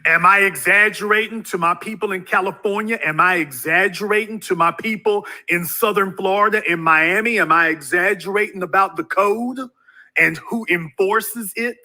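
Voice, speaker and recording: A man delivering a ranting video monologue in a high-set voice that is very bright and cutting. He preaches at his audience and keeps hammering them with rhetorical questions. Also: normal speed. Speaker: YouTube commentator.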